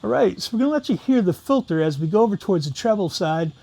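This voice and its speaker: A man's voice: sits high, animated, fast talker, gravelly. A man talking casually through a guitar pedal demo, walking through each knob setting step by step. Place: room with guitar gear.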